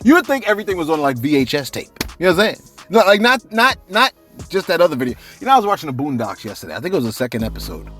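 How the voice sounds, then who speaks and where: Man, gossip commentator, animated, rambling, lively pitch, faint background music. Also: racing. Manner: animated, rambling, keeps saying "you know what I'm saying". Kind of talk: casual comedic commentary.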